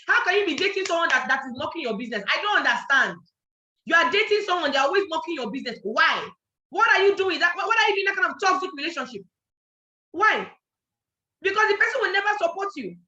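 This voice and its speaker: High, quick Nigerian woman trainer. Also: sharp tone. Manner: emphatic, repeats points, keeps asking listeners if they follow. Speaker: network marketing trainer. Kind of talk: motivational training talk. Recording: echoey, dull lo-fi sound.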